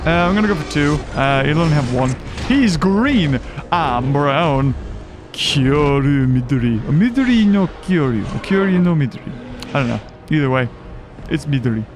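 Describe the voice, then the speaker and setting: A young man giving playful, excitable commentary on his own gameplay, joking and reacting as he goes. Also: a little high, normal speed. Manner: playful, jokey, bursts of excitement. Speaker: gaming video host. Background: game music.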